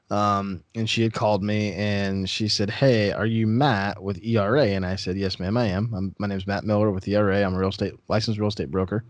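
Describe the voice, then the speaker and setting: A man hosting a podcast as a real estate broker, telling stories in casual chat and getting animated as he acts out the people in them. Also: no room sound. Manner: animated storyteller, acts out callers and rises in pitch when worked up.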